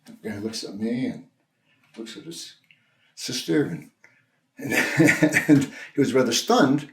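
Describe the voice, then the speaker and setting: A man's voice: medium pitch, expressive. Older man telling a story in an echoey sanctuary. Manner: conversational, gentle, halting with restarts. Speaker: minister. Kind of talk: sermon storytelling. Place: church sanctuary. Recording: roomy echo.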